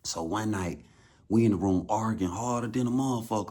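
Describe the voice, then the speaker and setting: A man with an Atlanta Southern accent tells a story in a low, somewhat deep voice. His talk is loose and full of slang, and he leans on repeated words for emphasis. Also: fairly quick, darkish tone. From Atlanta, USA. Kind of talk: casual storytelling.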